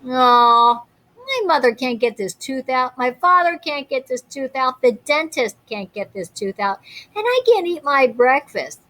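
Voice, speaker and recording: A whiny little storybook boy, as a woman puts him on, wailing about the loose tooth that hurts. The voice jumps up high and loud, with a lively, sing-song complaint. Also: a little slow. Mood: insistent.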